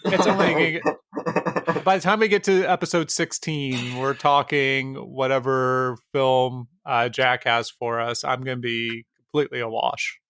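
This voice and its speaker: A man's voice: mid-range voice, flat delivery, a little slow, fairly bright tone, no room sound, clean studio sound. A man cohosting a film podcast, chatting casually in a rambling, self-deprecating way. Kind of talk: casual chat.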